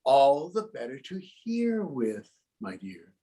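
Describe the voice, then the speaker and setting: A man's voice: mid-range voice, sing-song, takes it slowly, mellow, breathy edge, pitched below the performer's own voice, full character voice. A man voicing a sly, wheedling male wolf in a spoken story.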